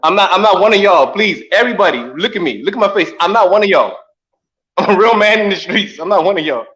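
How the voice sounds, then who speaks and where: A man's voice: high voice, animated, fast talker, a bit bright, rough recording. A man chatting casually on a call, rambling and repeating himself a lot.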